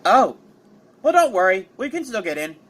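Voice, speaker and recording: A man's voice: high voice, sing-song, normal speed, a bit bright, exaggerated voice. Man doing a breezy, teasing young woman.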